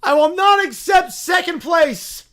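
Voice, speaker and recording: A fanatical young bear preacher bellows orders in a high, strained voice, declaiming every line like a sermon, as a man puts him on. The delivery is loud and drawn out, with pitch climbing well above an ordinary speaking voice. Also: unhurried. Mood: zealous preaching. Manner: booming, declaiming sermon-like commands.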